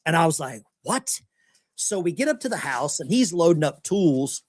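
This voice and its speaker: A middle-aged man from the United States tells stories in a relaxed podcast chat. His voice sits a little high and swings widely as he acts out the people in his stories. The sound is dry and close. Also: normal speed, no echo. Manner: animated anecdote-telling, acting out quoted voices. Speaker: podcast host. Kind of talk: casual storytelling chat.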